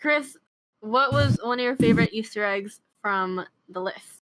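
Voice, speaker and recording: A woman's voice: fairly high pitch, a little slow, heavy background noise. A woman hosting a casual podcast chat with friends, easygoing and chatty. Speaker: podcast host.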